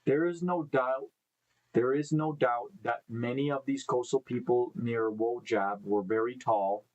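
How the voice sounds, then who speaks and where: A man's voice: mid-range voice, fairly even intonation, a little slow, poor audio. Man stumbling through a live-stream news read. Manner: stumbling over names, thinking aloud, joking asides. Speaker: host. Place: indoor room with live beehives.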